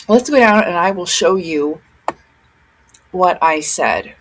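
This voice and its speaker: A woman's voice: fairly low pitch, expressive, slow pace, pauses often, slight background noise, poor audio. A woman hosting her own commentary vlog, speaking earnestly and insistently, often repeating herself for emphasis. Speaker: commentary channel host.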